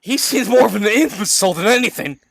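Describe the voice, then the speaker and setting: A man's voice: high-pitched, animated, quick pace, vocal fry, a bit bright. A young man reading a comedy book aloud and breaking in with incredulous, heavily sworn commentary. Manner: incredulous, swearing constantly. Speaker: reader reacting to a comedy book.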